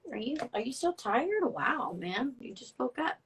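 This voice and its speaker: A young woman with a drawl hosts a casual live stream and reads fan messages aloud. Her voice is bright and a little high. She talks in a chatty, effusive way. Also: very animated, a little slow, slight background noise, poor audio. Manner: chatty and effusive, gets emotional reading notes. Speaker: host of a live social media show.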